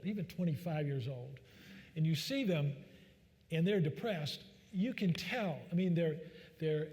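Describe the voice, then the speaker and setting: A man's voice: fairly high pitch, darkish tone. A man, a doctor, giving a joking, folksy public talk full of fillers in a large church hall. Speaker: physician speaker. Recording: long reverb of a large hall.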